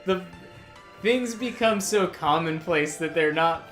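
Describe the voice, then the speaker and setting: A man's voice: on the high side, measured pace, fairly bright tone, faint music behind. Rambling, chatty man, frequent laughs. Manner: rambling, laughs often, frequent "you know" fillers. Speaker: let's play co-host. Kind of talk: casual post-game commentary chat.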